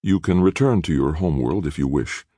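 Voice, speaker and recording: A man's voice: very deep voice, lively intonation, a little fast, warm tone, breathy edge, no room sound, studio quality, full character voice. A man reading an audiobook, voicing an eager, earnest woman from another world. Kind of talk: audiobook character voice.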